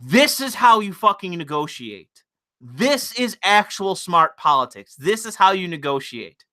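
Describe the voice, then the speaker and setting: A male livestream host rants casually, mixing profanity with mockery as his thoughts ramble on. His voice sits slightly high for a man. It comes across bright and forceful. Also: very animated, unhurried. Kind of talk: casual ranting commentary.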